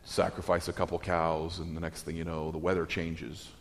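A man preaching a sermon, telling the story in a wry, animated way with sarcastic asides. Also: low-pitched, normal speed, long reverb tail.

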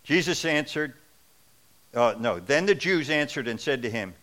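A middle-aged preacher delivers a sermon in a conversational, earnest way with touches of wry humor. His voice is bright and forceful, and sits in a middle pitch. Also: animated, moderate pace.

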